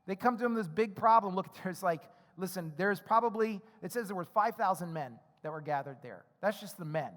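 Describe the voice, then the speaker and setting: High-voiced pastor preaching in a reverberant hall. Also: male voice, brisk, few pauses, fairly bright tone. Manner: conversational, acts out the characters' dialogue; frequent tag questions "right?". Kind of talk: sermon.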